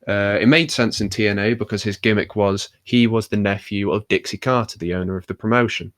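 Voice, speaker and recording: A man's voice: on the low side, a little fast, no room sound. A young man hosting a casual podcast, talking in a rambling, wry way full of fillers. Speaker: podcast host. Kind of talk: casual chat about wrestling.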